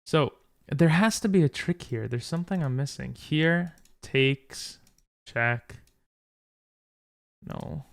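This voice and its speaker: Gravelly, frustrated man thinking aloud. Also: on the high side, slow pace, pauses often. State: tired from little sleep. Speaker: chess streamer. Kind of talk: casual game commentary.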